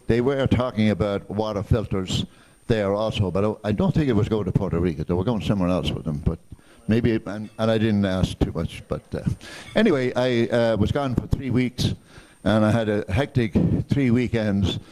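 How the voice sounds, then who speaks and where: A man giving rambling, halting remarks with many restarts and fillers at a club meeting. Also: lowish voice, dark tone. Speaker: club member sharing travel news.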